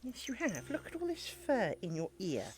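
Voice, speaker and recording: A woman's voice: medium pitch, wildly swooping pitch, normal speed, loud music behind the voice. A woman chatting casually on a live stream from her home, cooing at her dog near her desk microphone. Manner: coos and chats to her dog between remarks.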